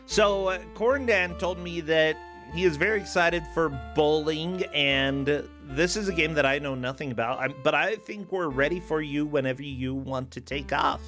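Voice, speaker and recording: A man co-hosting a streamed variety show in casual chat, chatty and breaking into loud excited outbursts. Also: fairly high pitch, moderate pace, hardly any pauses, soft background music.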